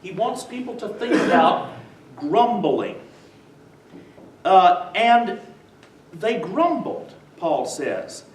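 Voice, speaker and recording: A man with a high voice lectures slowly to a church class, stopping often to prompt his audience to finish a sentence, and chuckling as he tells his stories. He is picked up from well across a roomy, echoing space. A faint hiss sits under the whole recording. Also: sing-song. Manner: quizzes the audience with "what?" prompts; chuckles while telling stories. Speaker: visiting lecturer on the New Testament. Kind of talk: church adult-education lecture. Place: church meeting room with a live audience. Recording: echoey room from far off, faint noise.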